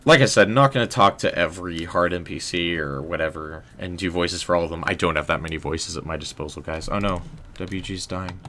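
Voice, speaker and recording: A man's voice: low voice, fairly quick, pushed and bright, slight background noise. A young man casually commenting on his gameplay, chatting with viewers and joking at his own expense. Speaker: livestreamer and writer.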